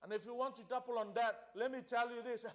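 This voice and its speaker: Pastor guy preaching a sermon, high voice, repeats stuff for emphasis, flips between languages. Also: steady tone, quick pace. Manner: switches between two languages, emphatic repetition.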